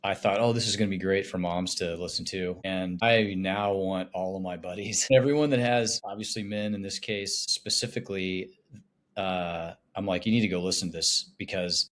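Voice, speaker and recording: A man in his thirties talking on a podcast in an animated, emotional way, often laughing. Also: deep voice, moderate pace. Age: 30s.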